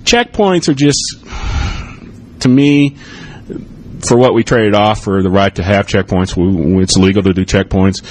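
Middle-aged american guy, ex-cop, rambling conference talk, lowish voice, keeps saying okay, faint hum behind. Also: unhurried, pauses often. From United States. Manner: casual, rambling, frequent "okay?" and "you know". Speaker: conference speaker, former police officer. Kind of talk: live talk with audience questions. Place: conference hall with audience.

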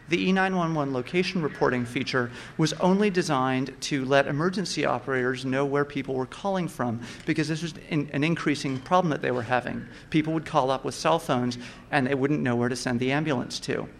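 A man giving an explanatory talk, measured and methodical, with occasional fillers and restarts. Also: mid-range voice, gravelly, slight background noise.

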